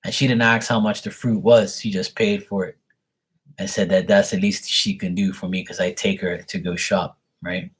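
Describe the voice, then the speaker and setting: A man's voice: low voice, level tone, moderate pace, breathy edge. A man chatting casually on a live tarot stream, rambling and exasperated, swearing freely. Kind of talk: casual livestream chat.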